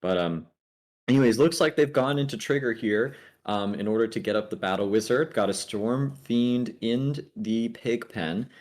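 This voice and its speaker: A man's voice: medium pitch, normal speed, a little mellow. A man casting a video game match, breaking down strategy in detail with frequent "um" fillers. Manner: analytical, many "um" fillers. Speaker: esports caster. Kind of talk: game commentary.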